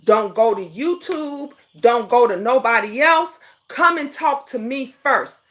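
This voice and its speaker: A middle-aged woman hosts a casual livestream chat. Her voice sits high and bright, swinging widely in pitch. She talks with sass, breaking into loud outbursts as she calls out to her viewers. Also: measured pace. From Chicago. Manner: animated, sassy, greets chat viewers, outbursts. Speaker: livestream talk show host. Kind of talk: casual live chat talk.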